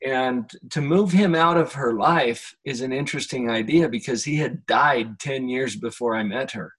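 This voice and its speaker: A man hosting a podcast conversation, speaking in a slow, reflective coaching manner. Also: mid-range voice, a bit bright, husky. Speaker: podcast host. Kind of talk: conversational interview.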